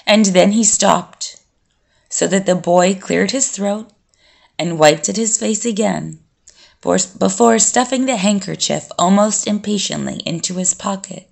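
A woman narrates an audiobook in a slow, unhurried way. Her voice carries a strong gravelly fry. She keeps the reading steady and plain. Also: medium pitch.

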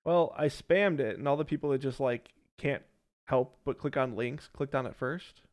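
A man's voice: mid-range voice, normal speed, a little mellow. A man hosting a casual chat on a video call, explaining things in a loose, rambling way. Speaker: host.

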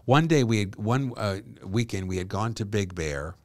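A middle-aged man chatting as a podcast guest, telling lively stories and laughing as he talks. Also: lowish voice, normal speed, no room sound. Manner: animated storyteller, laughs while talking. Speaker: guest, actor and comedian. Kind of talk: casual podcast chat.

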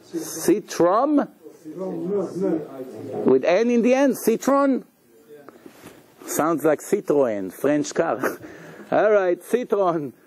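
High-voiced animated male storyteller. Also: slow pace. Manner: animated, chuckles often, acts out quotes. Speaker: religious storyteller. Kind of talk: sermon storytelling.

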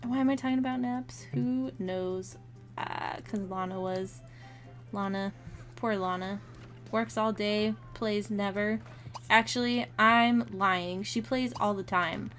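Her mid-range, slightly bright voice has fairly even intonation and a slow pace. A young gameplay commentator, she giggles and chats through a life-sim game in casual let's-play style, frequently addressing her characters over faint game music.

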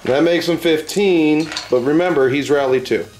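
Over music in an echoey room, a channel host with a fairly high voice talks at a moderate pace. He's playing a tabletop game for a battle report, and his casual banter is excitable, jokey, and full of swearing as the dice roll.

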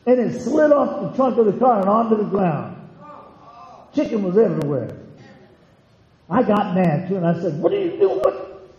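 Folksy male pastor preaching, high voice, mellow tone, dull echoey hall recording. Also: expressive, normal speed, pauses often. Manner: folksy, conversational storytelling. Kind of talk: sermon.

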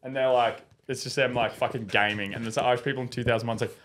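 A man's voice: mid-range voice, quick pace, heavy background noise. A young man co-hosting a comedy podcast in casual, profane chat, acting out quotes as he tells stories. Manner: animated, swears a lot, acts out quotes. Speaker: podcast co-host.

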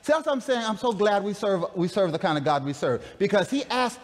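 Animated preacher in an echoing hall. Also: male voice, high voice, fairly quick. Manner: dramatic, conversational preaching with call-outs. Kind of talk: sermon. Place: large camp meeting hall. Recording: long reverb of a large hall.

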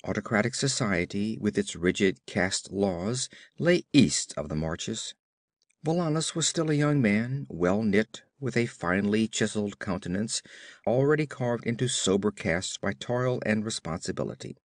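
A man narrating an adventure story aloud in an expressive storytelling manner. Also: lowish voice, normal speed, dry recording, clean studio sound. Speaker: audiobook narrator. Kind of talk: scripted narration.

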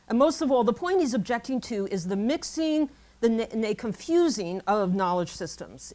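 A woman's voice: medium pitch, darkish tone. Woman giving a scholarly lecture. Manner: measured scholarly delivery with frequent ums and self-corrections. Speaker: academic lecturer. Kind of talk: conference lecture.

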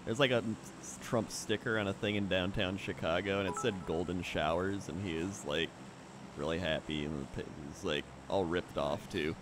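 A man with a lowish voice chats loosely during a game stream, teasing his friends and giggling at their slip-ups. A steady hiss of background noise sits under his voice the whole time. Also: moderate pace. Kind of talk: casual gaming chat.

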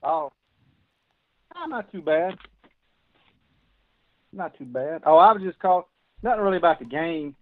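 A laid-back man calling in to a radio-style show, pausing and hedging as he talks. His higher voice comes through a thin, tinny phone line, dry and close. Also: lively intonation, no room sound. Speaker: caller. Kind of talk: casual chat.

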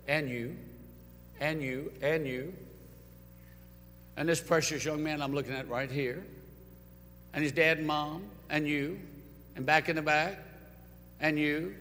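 A man's voice: on the high side, fairly even intonation, a little slow, pauses often, a little hiss or hum. Preacher man in a reverberant church. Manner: dramatic, swinging from loud urging to soft hushed lines. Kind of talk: sermon. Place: church sanctuary. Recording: long church hall reverb.

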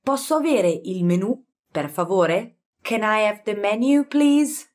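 A woman's voice: medium pitch, animated, unhurried, a little mellow. A woman with an Italian accent teaching beginner vocabulary, repeating each word and sometimes correcting herself as she explains. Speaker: language teacher.

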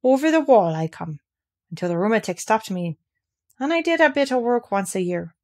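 A woman reading the part of a grumpy old male gardener in a Yorkshire dialect, gruff and stubborn. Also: medium pitch, big pitch swings, normal speed.

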